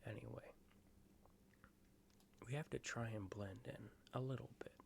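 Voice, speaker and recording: A man hosts an ASMR gaming video, rambling through soft-spoken commentary that drifts between a quiet voice and whispers. His voice is mid-range, unhurried and creaky, with slight background noise.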